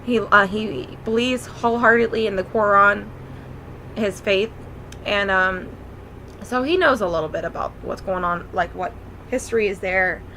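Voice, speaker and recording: A young woman talks on camera in a loose, rambling way, circling back with plenty of ums and okays. Her voice sounds bright and forward, and a faint ambient hiss sits under the recording. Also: mid-range voice, moderate pace, rough recording. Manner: rambling, filler-heavy, earnest. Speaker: spiritual vlogger. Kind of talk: casual storytelling monologue.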